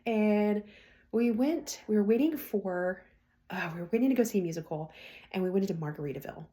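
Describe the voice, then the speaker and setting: A woman's voice: medium pitch, lively intonation, a little fast, warm tone. A woman hosting a podcast, telling stories in a chatty way, laughing often and acting out what people said. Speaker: podcast host. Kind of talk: casual storytelling.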